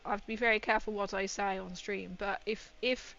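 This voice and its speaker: A woman's voice: mid-range voice, steady tone, a little fast, vocal fry, fairly bright tone, highs cut off, soft background music. A young woman chatting casually on a livestream while building a model, rambling and often laughing.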